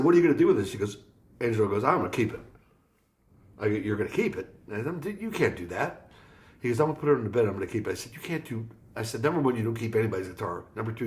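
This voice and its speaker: A man from Florida, a guest musician on an interview podcast, telling a story and acting out the people in it. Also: lowish voice. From Florida, USA. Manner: animated storyteller acting out quoted dialogue.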